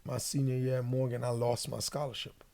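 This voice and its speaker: A man's voice: mid-range voice, little pitch movement, brisk, vocal fry, darkish tone. A man from Trinidad and Tobago, a guest giving an earnest personal testimony and acting out what he once said. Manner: earnest storytelling, acts out his own past words. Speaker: interview guest.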